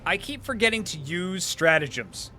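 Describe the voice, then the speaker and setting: A man's voice: high voice, sing-song, moderate pace, sharp tone. A man co-hosting a game stream, tossing out dry, offhand jokes while he plays. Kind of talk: casual let's-play banter.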